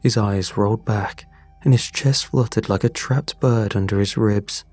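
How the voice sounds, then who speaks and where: A man narrating a scripted horror story in a slow, measured way, recorded close on a studio mic. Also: lowish voice, darkish tone, faint music behind.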